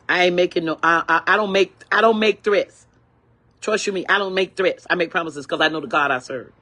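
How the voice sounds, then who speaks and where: A woman's voice: deep voice, a bit bright. Older woman, indignant, repetitive, preachy, complaint vlog rant. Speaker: vlogger.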